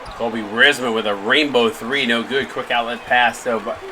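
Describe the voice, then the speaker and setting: A man calling live play-by-play for a streamed basketball game, rising to shouts on big shots. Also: medium pitch, steady tone, moderate pace, noisy background.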